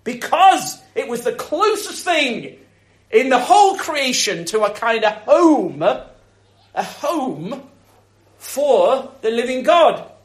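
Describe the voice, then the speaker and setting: A man preaching a Christmas sermon in a lively, conversational way, asking the listeners rhetorical questions. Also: very high voice, slow. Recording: echoey room.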